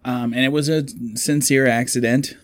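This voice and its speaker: A man's voice: medium pitch, steady tone, dry recording. A man chatting casually, retelling a movie plot in a rambling, storytelling way. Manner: rambling storyteller, quick quotes of characters.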